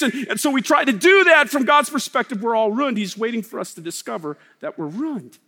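A man preaching a sermon, swinging between loud emphasis and hushed, slow lines. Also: very high voice, animated. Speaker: pastor. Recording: long hall reverb.

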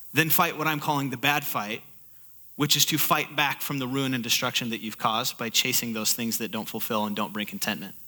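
A man preaching a sermon, animated, acting out inner voices and building to urgent exhortation. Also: mid-range voice, moderate pace. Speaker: pastor.

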